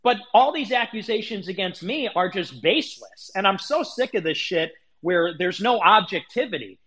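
A man's voice: high voice, lively intonation, moderate pace, bright, forceful tone. A man hosting a livestream, delivering a heated, indignant monologue full of swearing and restarts. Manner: indignant, profane, repeats himself. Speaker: livestream host.

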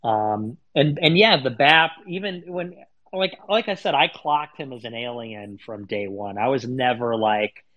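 A man's voice: mid-range voice, unhurried, muffled recording. A man talking in a casual podcast chat as an online commentator, rambling and crude, with lots of fillers.

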